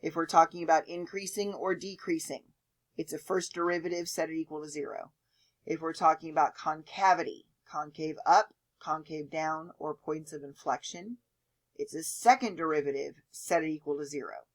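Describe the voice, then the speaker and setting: A woman's voice: low-pitched, normal speed. A woman teaching a math lecture, explaining step by step and often checking in with "okay?". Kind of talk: lecture with board work.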